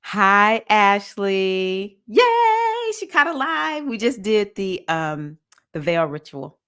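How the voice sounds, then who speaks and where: A woman, hosting a spiritual livestream circle, chatting with viewers and breaking into sudden high whoops. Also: big pitch swings, slow pace, fairly bright tone. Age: 50s.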